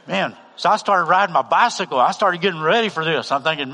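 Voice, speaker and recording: A man with a Texan accent, a pastor telling a story in a sermon, acting out the dialogue and swinging from loud to hushed. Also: on the high side, animated, fast, big-room sound. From Texas. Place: church hall.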